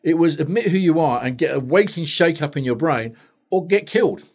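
A man's voice: a little high, lively intonation, fairly quick, a little mellow, slightly rough. A man telling a story as a guest therapist in a podcast interview, blunt and straight-talking with plenty of swearing.

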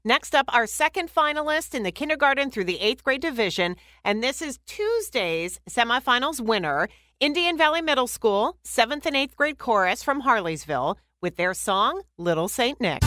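A woman's voice: fairly high pitch, very animated, sharp tone, no room sound, studio quality. A woman co-hosting morning radio, making announcements and playing along in a quiz with a bubbly, teasing manner. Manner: bubbly, laughing, quick to tease. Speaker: radio co-host. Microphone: studio microphone.

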